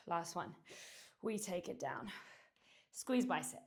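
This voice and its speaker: Slow and expressive, with frequent pauses, a woman's fairly low voice guides a Pilates and dumbbell workout at home. She's winded from exercising along, cueing and counting reps, and a distant camera records her.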